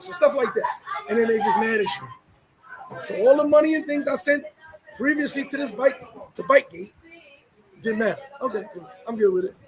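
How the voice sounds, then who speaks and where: A middle-aged man with a very high voice chats casually with viewers in a livestream vlog from the Dominican Republic, talking a little fast and pausing often. He laughs and imitates the voices of people who speak to him. The recording quality is low.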